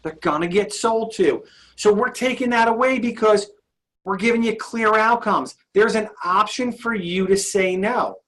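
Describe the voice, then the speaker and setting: A man's voice: high voice, normal speed, fairly bright tone. A male sales trainer leading an interactive session, upbeat and often asking his audience questions.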